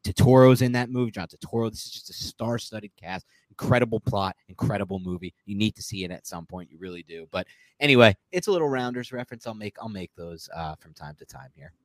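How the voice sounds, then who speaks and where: A man's voice: on the low side, fast talker, no room sound. A man co-hosting a sports podcast, chatting casually and rambling, often correcting himself mid-sentence. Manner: rambling, self-correcting, animated. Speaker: podcast co-host.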